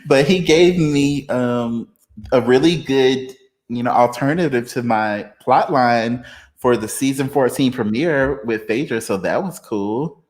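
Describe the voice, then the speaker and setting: A man hosting a casual livestream chat, reading viewer comments aloud, laid-back and quick to laugh, a little tipsy after a few beers. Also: mid-range voice, darkish tone. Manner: laid-back, laughs often, drawn-out fillers. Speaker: livestream host.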